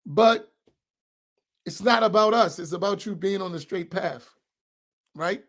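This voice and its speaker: A man's voice: sits high, unhurried, a bit bright. A man, an imam giving an informal religious class, who talks in a conversational way, keeps checking in with his listeners and repeats key points for emphasis.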